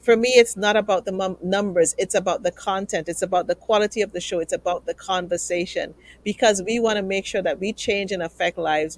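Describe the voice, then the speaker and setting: A woman's voice: mid-range voice, no echo. A woman hosting a live talk show, earnest and emotional as she thanks guests and pleads with viewers.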